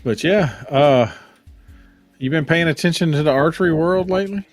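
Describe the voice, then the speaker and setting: A man's voice: a little high, expressive, moderate pace, faint music behind. A man hosting a casual podcast, easygoing, mostly chiming in with short agreeing replies. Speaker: podcast host.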